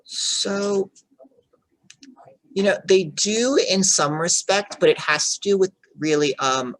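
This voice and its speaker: A man, a childcare director, giving an earnest, explanatory online workshop over a video call and pausing to check for questions. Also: sits high, fairly bright tone, slight background noise, poor audio.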